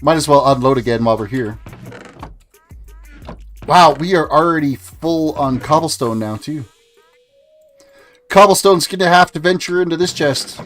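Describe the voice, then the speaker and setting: A man's voice: a little high, animated, normal speed, pauses often, a bit bright. A man in his forties from Canada, chatting casually through his gameplay livestream and answering his chat as he plays. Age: 40s. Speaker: gaming livestreamer. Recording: faint music behind.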